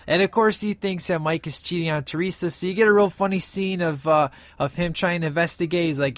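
A man's voice: high-pitched, fairly quick, few pauses, dry recording. A man casually recapping his favorite film scenes, enthusiastic and rambling with many fillers. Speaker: film reviewer.

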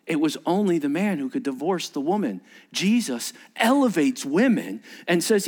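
A male pastor preaching a sermon, acting out dialogue and swinging between loud bursts and hushed near-whispers. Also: on the high side, sing-song, unhurried.

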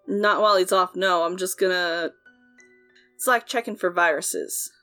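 A woman voicing a gentle, hesitant male tech. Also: fairly low pitch, moderate pace, soft background music. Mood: reassuring. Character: male technician, calm and reassuring. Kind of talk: in-character tabletop dialogue.

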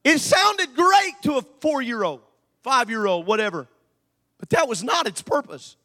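A male pastor preaching a sermon, moving from quiet asides to shouted peaks. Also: extremely high pitch, very animated, moderate pace.

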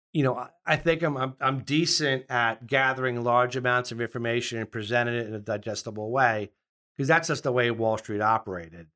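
A man's voice: mid-range voice, a bit bright. A man with a Long Island New York accent, a yacht broker guest talking casually with many restarts and "I mean" fillers. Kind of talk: casual interview talk.

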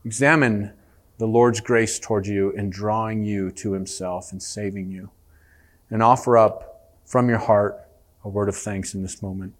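A man preaching a sermon as pastor in a church, earnest and emphatic, turning animated when he tells a story. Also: fairly low pitch, measured pace.

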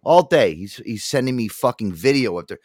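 A man's voice: mid-range voice, expressive, brisk, a little mellow, no room sound, clean studio sound. Rambling profane male podcast host. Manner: rambling, profane, repeats words. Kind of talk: casual chat.

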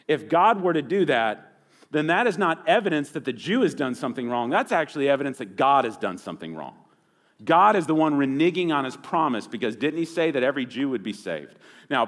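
Emphatic preacher. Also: male voice. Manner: emphatic, rising to loud punchlines and dropping low at phrase ends. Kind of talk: expository sermon.

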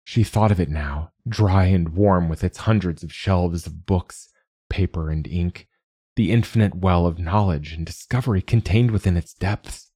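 Male audiobook narrator, measured storytelling, dark mellow tone, dry close sound. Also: low voice, slightly rough, no echo. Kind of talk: scripted narration.

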